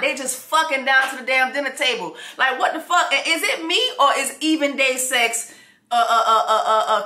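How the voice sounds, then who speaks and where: Woman, comedic show recap, slangy, acts out scenes, fairly high voice, roomy echo. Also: sharp tone.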